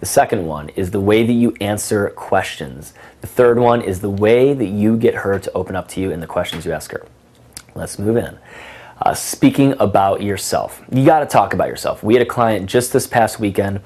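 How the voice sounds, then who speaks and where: A man's voice: lowish voice, lively intonation, normal speed, a little mellow. A young adult man coaching in a conversational, emphatic way, with frequent casual fillers. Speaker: dating coach. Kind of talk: instructional talk.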